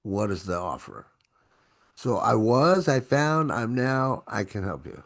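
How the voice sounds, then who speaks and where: A man hosting an online training session, coaching in an energetic, exclamatory way. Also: fairly low pitch, unhurried, creaky. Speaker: host.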